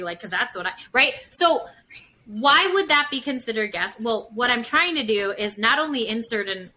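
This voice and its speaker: A woman's voice: on the high side, lively intonation, normal speed, bright, forceful tone, rough recording. A woman psychotherapist talking casually as a podcast guest, full of fillers and acting out examples as she explains. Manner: chatty, many fillers, acts out examples.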